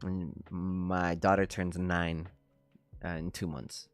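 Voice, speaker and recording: A man's voice: deep voice, level tone, takes it slowly, clear, resonant tone. A man in his thirties hosting a trading livestream, telling stories in a laid-back, profane way and laughing often. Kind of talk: casual livestream chat.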